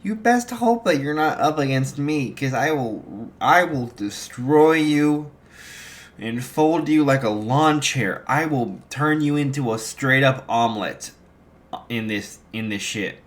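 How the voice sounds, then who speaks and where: A man's voice: medium pitch, expressive, slow. A man voicing a furious young hero who threatens a classmate, in a fan storytelling video. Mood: threatening. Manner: menacing threats.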